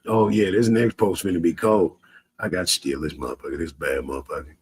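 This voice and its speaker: A man's voice: low voice, steady tone, a little fast, a little hiss or hum. A man in a profane livestream rant, cursing heatedly and mocking his critics with bursts of laughter. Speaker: social media streamer.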